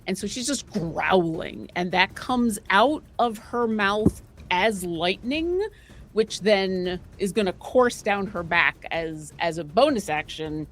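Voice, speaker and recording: Slow-talking woman narrating her character. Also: mid-range voice, expressive, fairly bright tone, a little hiss or hum. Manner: descriptive, rambling with restarts and fillers. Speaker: player.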